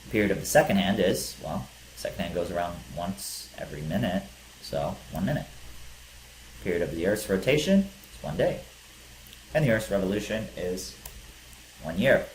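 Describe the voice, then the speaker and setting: A man's voice: low-pitched, lively intonation, normal speed, pauses often. A male teacher giving a physics lecture, explaining step by step with some fillers. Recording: echoey room with faint hiss.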